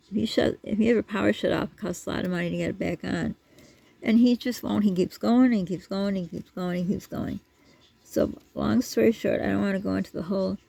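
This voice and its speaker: A woman's voice: medium pitch, gravelly, darkish tone. A woman vlogger telling a story in a casual, rambling way, full of asides and restarts. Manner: rambling, digressive, with many asides.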